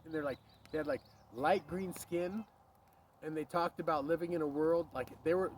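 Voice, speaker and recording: A man telling a spooky childhood story outdoors in a rambling, animated way, swearing and breaking off for passing cars. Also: fairly high pitch. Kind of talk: casual outdoor storytelling to camera. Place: outdoors by a street. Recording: street traffic noise behind.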